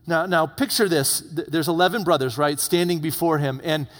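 A male pastor preaching a sermon, retelling a story dramatically and dropping to hushed tones for emphasis. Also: fairly high pitch, moderate pace. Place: church. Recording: long reverb of a church hall.

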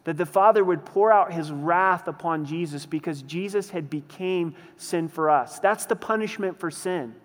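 A male pastor delivers an earnest sermon in a fairly high voice. His words ring out with a long reverb, as if in a big church sanctuary. He slows down and presses harder whenever he voices a quoted prayer.

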